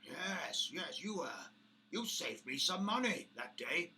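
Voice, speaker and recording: A British man voicing a pompous, brutal half-orc crime boss who booms his threats. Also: expressive, slow pace, pushed and bright, slight background noise, exaggerated voice. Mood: menacing. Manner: booming, theatrical, threatening.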